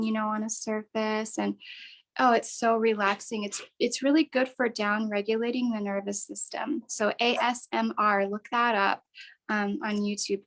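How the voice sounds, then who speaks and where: A woman's voice: a little high, vocal fry, a bit bright, rough recording. A woman hosting a live online craft workshop, chatty, upbeat and encouraging as she walks people through each step. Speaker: workshop host.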